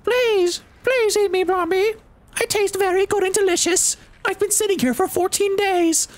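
A tiny squeaky fish dish from a video game pleads in a sugary falsetto to be eaten. The voice sits very high and stays sweet and begging throughout. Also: male voice, fairly even intonation, moderate pace. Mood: pleading.

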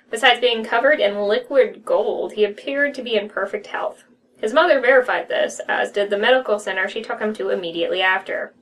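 A young woman reading a horror story aloud with a friend, giggly and quick to riff on jokes. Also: medium pitch, fairly bright tone, recorded from a distance, poor audio. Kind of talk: casual reading and chatty reactions. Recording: voice a bit off-mic.

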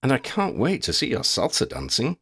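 A man's voice: mid-range voice, wildly swooping pitch, moderate pace, bright, forceful tone, slightly rough, pitched above the performer's own voice, full character voice. A man voicing a cheerful grown woman who talks in a friendly, lightly teasing way.

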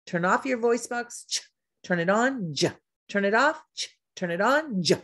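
A woman's voice: mid-range voice, expressive, moderate pace, fairly bright tone. Woman teaching speech sounds. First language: Spanish. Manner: demonstrates speech sounds, coaching tone. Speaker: literacy educator. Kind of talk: teaching presentation.

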